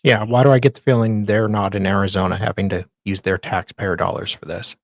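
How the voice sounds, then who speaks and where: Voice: deep voice, steady tone, fairly quick, no room sound, studio quality. A co-host on a casual live-stream chat, talking in a sarcastic way and breaking into exasperated rants.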